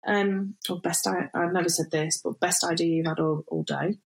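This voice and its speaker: A woman's voice: lowish voice, fairly even intonation, moderate pace, vocal fry, rough recording. A British woman co-hosting a podcast in casual chat, playful and teasing, often breaking into laughter. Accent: British English. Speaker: podcast co-host.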